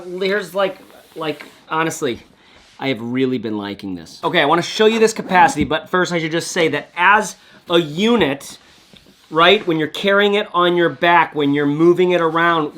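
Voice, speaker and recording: A man's voice: on the high side, fairly bright tone. A man casually reviewing a backpack in a vlog, chatty and rambling, often restarting his sentences. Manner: rambling, self-correcting, chatty. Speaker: gear reviewer. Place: friend's workspace, indoors.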